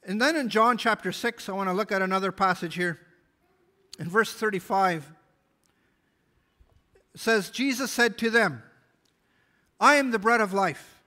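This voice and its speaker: A man's voice: high voice, sharp tone. A man pastor preaching a sermon, reading scripture aloud and explaining it earnestly. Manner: earnest Bible exposition, reading scripture aloud with small restarts.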